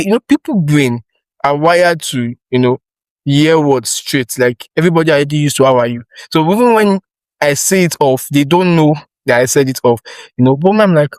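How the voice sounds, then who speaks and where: A young man with a Nigerian accent hosting a podcast, asking rambling, animated questions with frequent restarts. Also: on the high side, normal speed, no room sound, poor audio. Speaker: podcast host. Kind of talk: casual interview chat.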